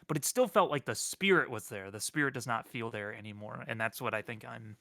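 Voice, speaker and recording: A man's voice: medium pitch, brisk, gravelly, pushed and bright, dry recording, studio quality. A man co-hosting a livestream in casual chat, musing and easygoing with bursts of playful mock outrage. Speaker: co-host.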